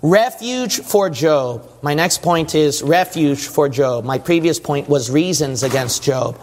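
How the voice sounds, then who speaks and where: Male preacher, high voice, emphatic delivery full of questions to the congregation, long hall reverb. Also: lively intonation, unhurried. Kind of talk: sermon.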